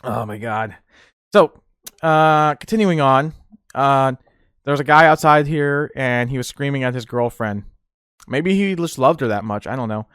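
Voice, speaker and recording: Recorded with clean studio sound and no echo, this podcast host has a clear, resonant, fairly bright voice at medium pitch. He rambles in easygoing chat at a moderate pace, laughing often and using plenty of fillers.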